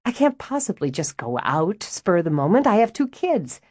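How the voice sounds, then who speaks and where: A woman voicing a quick-witted young widowed mother who answers with sharp, sarcastic retorts. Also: fairly low pitch, big pitch swings, dry recording, clean studio sound. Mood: sardonic.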